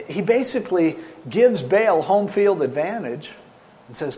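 A middle-aged man preaching a sermon, animated and sarcastic, acting out the scripture quotes as he goes. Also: fairly high pitch, measured pace. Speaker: pastor.

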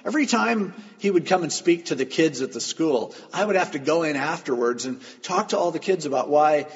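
A male pastor preaching a sermon in a church sanctuary, his gravelly voice set a little high. He tells stories with lively swings of pitch, dropping to quiet asides and then pressing hard on his points. The sound is dull and lo-fi, with a long hall reverb behind him. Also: fairly quick. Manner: storytelling, shifting between quiet asides and loud emphatic lines.

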